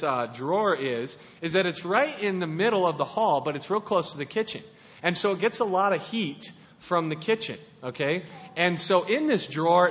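A high-pitched man preaches in a casual, playful way, circling back and restarting his sentences as he talks. His voice carries a long reverb from a hall, and the recording sounds dull and lo-fi. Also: fairly bright tone. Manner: playful and conversational, with many restarts. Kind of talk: casual sermon.

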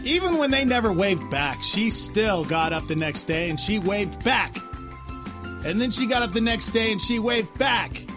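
Deadpan man in his thirties. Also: high-pitched, normal speed, over music. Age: 30s. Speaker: co-host. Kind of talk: casual radio banter.

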